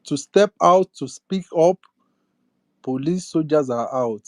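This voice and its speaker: A man's voice: a little high, expressive, slow, no room sound. A young man with a Nigerian accent giving an impassioned political rant, firing off indignant rhetorical questions. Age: young adult. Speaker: speaker in an online audio space.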